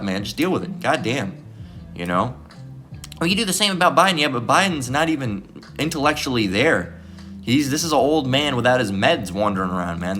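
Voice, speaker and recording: With a lowish, fairly bright tone, a man who calls himself a bible teacher rambles through informal scripture commentary. He's profane and prone to tangents, and nearly every sentence ends with "all right?".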